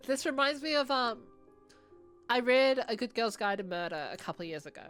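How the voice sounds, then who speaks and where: A woman's voice: on the high side, expressive, fairly quick, fairly bright tone, soft background music. A woman streamer chatting casually over gameplay, hesitant and trailing off.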